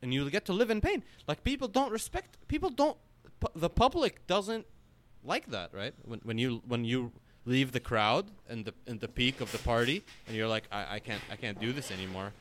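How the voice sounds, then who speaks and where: A man talks through a casual podcast chat with a lively, swinging pitch, rambling and peppering his speech with filler words and swearing. The sound is dry and close, with no room echo. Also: moderate pace, few pauses. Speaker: podcast co-host.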